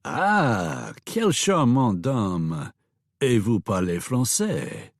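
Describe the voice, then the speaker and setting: A man's voice: medium pitch, sing-song, takes it slowly, no room sound, studio quality. A man voicing a polished, gallant saloon owner with a French accent, in a flowery, courtly manner, for an audiobook.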